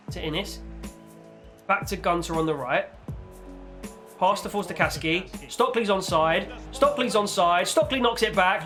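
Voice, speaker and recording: A young man commentating on his own football video game match, chatty with viewers and bursting into shouts when his team scores. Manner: excitable, shouts and leaps in pitch on goals; chatty, talks to viewers as "guys" and "boys". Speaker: gaming YouTuber.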